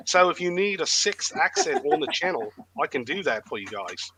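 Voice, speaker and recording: A man's voice: a little high, very animated, normal speed, a crowd in the background, poor audio. A man who has written a book, chatting as a podcast guest over a video call, rambling with plenty of fillers. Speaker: author and guest. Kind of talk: casual chat.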